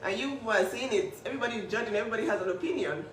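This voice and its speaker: A woman's voice: fairly high pitch, rapid-fire. A woman speaking up for her younger sister, emphatic and indignant, often restarting her sentences. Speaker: older sister defending her sibling. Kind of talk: emotional vlog statement. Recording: echoey room, distant mic, faint noise.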